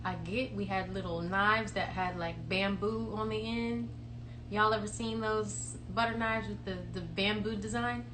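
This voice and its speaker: A young woman in her twenties chatting on a livestream, telling a childhood story in an animated, playful way. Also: mid-range voice, measured pace. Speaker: livestream co-host. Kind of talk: casual chat, storytelling. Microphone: phone livestream. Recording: echoey room with clear background hum.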